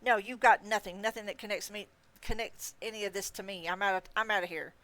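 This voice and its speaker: A woman's voice: mid-range voice, fairly even intonation, fast talker, a bit bright, lightly acted. A woman voicing a jittery, panicky young male photographer who babbles, stammers and pleads.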